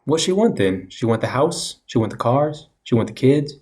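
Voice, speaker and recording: A man's voice: mid-range voice, lively intonation, moderate pace, a little mellow. A man co-hosting a casual sports podcast, laughing often and cracking jokes. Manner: laughing, wisecracking. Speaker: podcast co-host.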